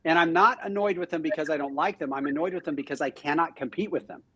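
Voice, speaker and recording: A man talking as a podcast guest in a casual interview, animated and self-deprecating, often restarting his sentences. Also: fairly high pitch, fast talker, husky. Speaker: real estate team leader, podcast guest.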